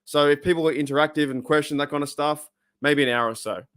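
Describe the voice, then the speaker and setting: A man's voice: a little high, steady tone, quick pace, fairly bright tone, clear, resonant tone. A man hosting a live fan stream, rambling and fired up while he chats with viewers. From Australia. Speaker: fan channel host.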